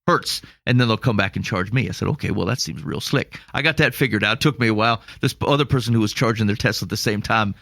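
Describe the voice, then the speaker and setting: A man from Iowa, co-hosting a podcast, tells a long, rambling story in a lowish, fairly bright voice, talking fast with few pauses. He's casual and self-mocking, laughing through the tale. The studio sound is clean, with no echo.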